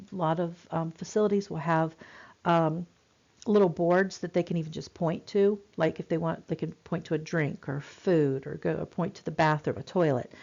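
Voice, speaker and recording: A woman gives a nursing lecture, talking casually and circling back with fillers. Her voice sits low with a gravelly edge. The recording sounds dull and lo-fi. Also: a little mellow. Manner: chatty, repeats herself, many fillers. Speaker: nursing instructor.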